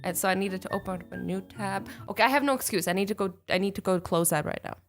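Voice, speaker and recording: A young woman hosting a casual reaction video, expressive and playful, slipping into quick voices for the people she reads about. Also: mid-range voice, soft background music. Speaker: YouTube reaction host.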